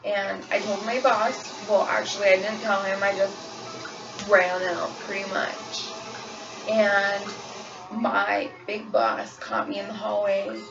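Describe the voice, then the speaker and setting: Young woman vlogging, frank and candid, gravelly voice, dull phone audio with a pop song going behind her. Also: mid-range voice, takes it slowly, recorded from a distance, music in the background. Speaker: waitress sharing her experience. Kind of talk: personal vlog confession. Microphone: phone camera. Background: pop song playing on repeat.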